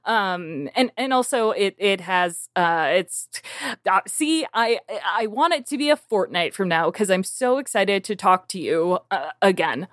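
A woman's voice: medium pitch, expressive, unhurried, a bit bright, dry recording, studio quality. A woman with a Chicago accent co-hosting a casual podcast, rambling and giggly, full of fillers and restarts. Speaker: podcast co-host.

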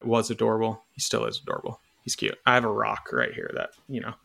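A man from Michigan who founded an animal sanctuary, telling stories in a relaxed interview, with many fillers and restarts. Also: fairly low pitch, fast talker, vocal fry. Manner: relaxed, storytelling, with frequent fillers. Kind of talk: casual interview talk.

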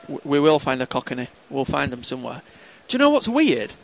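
A man's voice: mid-range voice, big pitch swings, brisk, creaky, slight background noise. A man with a Yorkshire accent co-hosting a casual football podcast, rambling and jokey. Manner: rambling, jokey, laughs often. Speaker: podcast co-host. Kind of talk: casual chat.

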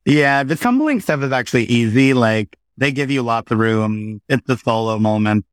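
A man in his thirties, a Broadway performer, talking as a guest in a casual interview and telling animated stories with quick asides. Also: mid-range voice, no echo, studio quality.

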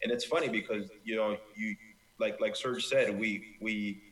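A Mexican-American man with a fairly low voice tells a story in an easy, amused way. The room is echoey around him. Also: fairly even intonation, normal speed, fairly bright tone. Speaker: professional baseball player, guest. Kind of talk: casual interview chat.

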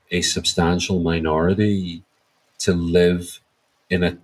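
A man's voice: low voice, husky, rough recording. A man speaking as an interview guest, reflective and searching for words as he talks. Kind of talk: thoughtful interview answer.

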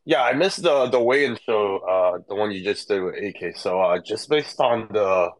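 A man's voice: fairly low pitch, expressive, moderate pace, rough recording. A man calling in to a show, speaking hesitantly with many fillers. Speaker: caller.

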